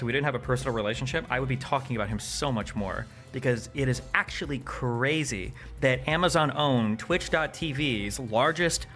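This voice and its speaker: A young man streaming live commentary into a desk mic, his bright, forceful voice pushing through a steady rant. He swears freely, leans on fillers like "like" and "um," and stays heated from one point to the next. Faint music sits low behind him. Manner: heated, profane, rapid ranting with frequent fillers. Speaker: political streamer.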